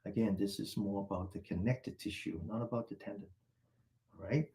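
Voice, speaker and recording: Guy with a gravelly voice talking people through slow stretches and breathing, calm and steady. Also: lowish voice. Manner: calm step-by-step cueing of movements and breathing. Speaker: qigong instructor. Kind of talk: guided exercise class instruction.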